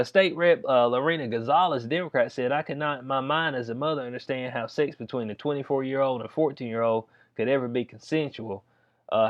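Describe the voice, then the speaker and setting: On a muffled recording, a medium-pitched man with a Southern US accent comments on a news story as a vlogger. He speaks loosely, reads pieces of it aloud, and sprinkles in "you know what I'm saying."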